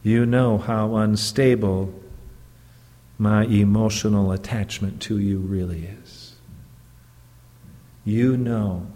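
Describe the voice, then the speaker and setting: Slow, emphatic preaching man in a reverberant hall. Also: mid-range voice, warm tone. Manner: earnest, emphatic preaching with rhetorical questions. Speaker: pastor. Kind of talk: sermon.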